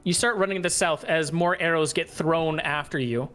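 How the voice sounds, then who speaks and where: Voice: medium pitch, normal speed, fairly bright tone, soft background music. A game master narrating a tabletop fantasy game with plenty of swearing and laughter. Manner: profane, laughs while narrating.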